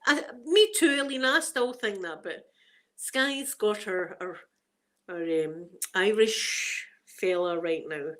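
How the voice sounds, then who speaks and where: A woman's voice: medium pitch, slow, fairly bright tone. A middle-aged Scottish woman chatting on a casual livestream, laughing often and greeting viewers by name. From Scotland. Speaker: ASMR livestream host. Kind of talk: casual live chat.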